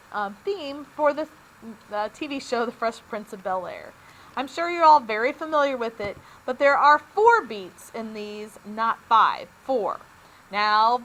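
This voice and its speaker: A woman's voice: a little high, bright, forceful tone, poor audio. A woman teacher giving a recorded lesson, upbeat and explaining each step plainly.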